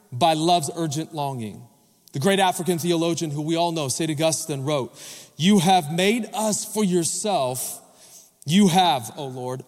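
A man with a fairly high voice preaches to his congregation, pausing to quiz them and ask for an amen. His words ring out with a long reverb that fills the large church hall. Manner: engages the congregation with questions and calls for responses. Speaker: pastor. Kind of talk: sermon. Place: church sanctuary.

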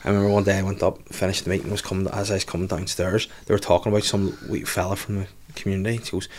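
A man's voice: low voice, level tone, racing, few pauses, slight background noise. A man with a Belfast accent chatting casually, telling funny local stories with plenty of swearing. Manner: swearing, storytelling, laughs at his own anecdotes. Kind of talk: casual chat.

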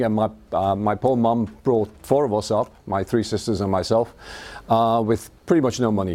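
A man's voice: medium pitch, a little mellow. A middle-aged man with a Scouse accent giving an evening talk to an audience, telling life stories in a self-deprecating way with frequent restarts. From Liverpool, England. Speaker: invited speaker.

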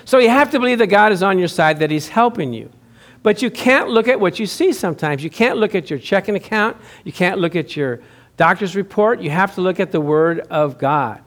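A man's voice: sits high, expressive, a little fast, a bit bright. A man pastor giving a sermon, telling a chatty personal story and laughing often.

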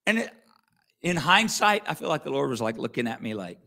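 Bright-voiced man preaching a story. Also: mid-range voice, big pitch swings, fairly quick, creaky. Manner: earnest, conversational, with frequent restarts. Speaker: pastor. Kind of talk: sermon storytelling.

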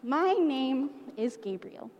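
A hushed, solemn angel, as a woman puts him on speaks slowly and gently in a storybook pageant. The long reverb of a church hall hangs around the soft words. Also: high-pitched, lively intonation, highs cut off. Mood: solemn, gentle.

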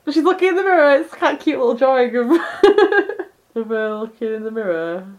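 A woman's voice: sits high, sing-song, moderate pace. A woman co-hosting a casual podcast chat, giggling as she reads comic panels aloud. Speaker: podcast co-host.

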